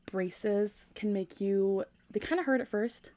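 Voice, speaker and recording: A woman's voice: medium pitch, takes it slowly, dark tone. A woman in her twenties chatting casually on a livestream from her room at night, keeping her voice down as she reads comments. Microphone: gaming USB microphone.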